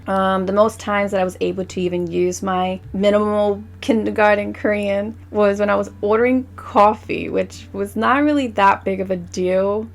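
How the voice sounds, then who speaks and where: Chatty woman telling a travel story. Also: medium pitch. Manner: chatty, animated, full of "like" and "you know". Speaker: travel vlogger. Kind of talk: casual storytelling voice-over.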